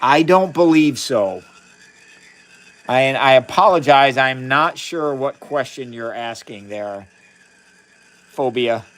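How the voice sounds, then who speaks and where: A man's voice: medium pitch, takes it slowly, long pauses. A man on a live science stream, chatting casually as he runs experiments in a chemistry lab and greets viewers by name.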